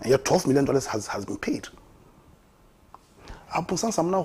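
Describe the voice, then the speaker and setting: A man's voice: mid-range voice, big pitch swings, a little fast, darkish tone, breathy edge. A man with a Ghanaian accent giving impassioned, mocking political commentary on a talk show, often repeating words for emphasis. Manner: impassioned, mocking, repeats words and laughs at his own jabs.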